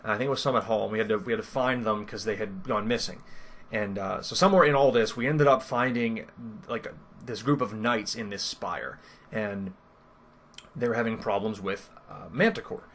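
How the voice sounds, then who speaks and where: A first-time game master casually recaps his tabletop campaign, rambling, interrupting himself, and using lots of fillers. His voice is lowish and a bit bright at a normal speed, with a little hiss or hum in the recording.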